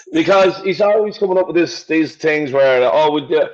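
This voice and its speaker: Male guest musician, wry and teasing, slightly high voice, dull lo-fi recording. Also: lively intonation, unhurried. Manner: wry, teasing about his bandmate. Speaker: band member guest. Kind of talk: interview conversation.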